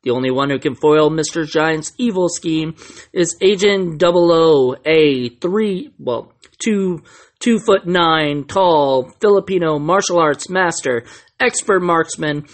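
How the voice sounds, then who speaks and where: A man's voice: on the high side, expressive, a little slow. A man putting on a dramatic movie trailer announcer voice to read a film synopsis. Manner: dramatic, emphatic trailer-style delivery. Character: booming adult male movie trailer announcer.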